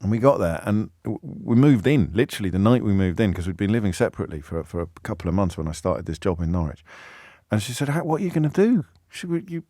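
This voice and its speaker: Wry radio host, dry studio sound. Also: male voice, deep voice, fast talker, warm tone, no echo. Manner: wry, self-mocking storytelling. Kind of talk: radio phone-in talk. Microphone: studio microphone.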